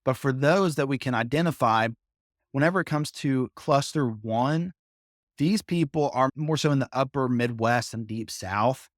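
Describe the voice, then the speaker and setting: A man's voice: mid-range voice, moderate pace, no room sound, clean studio sound. A man with a Southern American accent, teaching a psychology lecture in a conversational way with asides. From Southern United States. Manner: conversational, explains with asides and fillers. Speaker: psychology instructor. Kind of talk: recorded lecture over slides.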